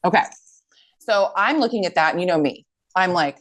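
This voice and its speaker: Woman podcast co-host, lowish voice, animated storyteller who acts out quotes. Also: moderate pace. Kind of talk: casual chat.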